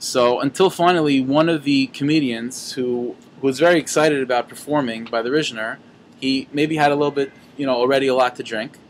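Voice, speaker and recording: A man teaching a Torah lesson through an animated story, sprinkled with Yiddish and Hebrew terms and frequent restarts. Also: mid-range voice, brisk, a little hiss or hum.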